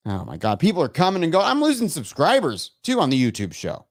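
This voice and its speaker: A man's voice: a little high, wildly swooping pitch, fast, hardly any pauses, no room sound, clean studio sound. A man hosting a live show, chatting casually and getting exasperated and laughing at his own tech troubles. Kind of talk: casual live-stream chat.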